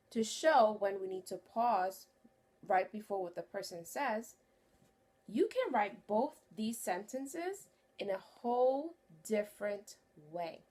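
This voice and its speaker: A woman teaching a phonics lesson to young children, speaking clearly and encouragingly. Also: mid-range voice, a little mellow. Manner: slow, clear and encouraging, stretches key words.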